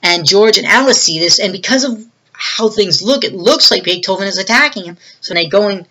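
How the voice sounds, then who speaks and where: Bright-voiced reviewer rambling through a plot. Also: medium pitch, animated, a little fast, low-quality recording. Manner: rambling, with frequent fillers and self-corrections. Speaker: movie reviewer. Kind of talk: casual plot retelling.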